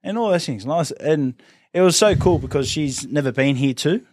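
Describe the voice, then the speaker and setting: A man, a professional rugby league player, telling stories in a casual interview, rambling and relaxed, saying "mate" often and acting out what others said. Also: a little high, a little fast, no echo, clean studio sound. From New Zealand family ties. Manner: relaxed, rambling, says "mate" a lot, acts out quotes.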